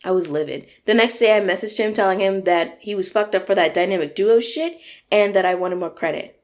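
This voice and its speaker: A woman in her twenties telling a storytime on her vlog, animated and emphatic, venting with plenty of swearing. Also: mid-range voice, brisk. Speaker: vlogger.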